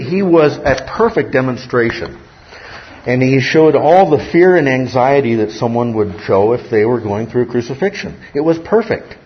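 Emphatic pastor preaching, dull lo-fi sound. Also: male voice, medium pitch, slight background noise. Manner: emphatic teaching, often checks in with listeners. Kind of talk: sermon. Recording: dull lo-fi sermon recording.

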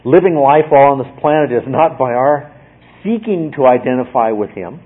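A man with a somewhat husky voice preaches a teaching sermon, walking his listeners through a point and pausing to check in with a questioning "okay?". The sound is thin and tinny, like a radio broadcast heard over a phone line. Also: medium pitch, lively intonation. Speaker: pastor.

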